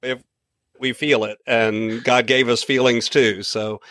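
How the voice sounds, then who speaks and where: A man's voice: medium pitch, flat delivery, takes it slowly, fairly bright tone, no room sound, clean studio sound. A man hosting a podcast interview, reassuring his guest and asking thoughtful questions with many restarts. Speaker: podcast host. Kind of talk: interview conversation.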